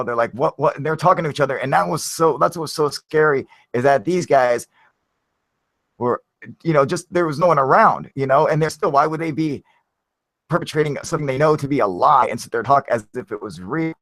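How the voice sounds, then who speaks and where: A man's voice: medium pitch, brisk, dry recording. Man telling a story, dry sound. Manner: rambling, filler-heavy, animated retelling with casual swearing. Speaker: channel host. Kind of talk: casual live-stream storytelling.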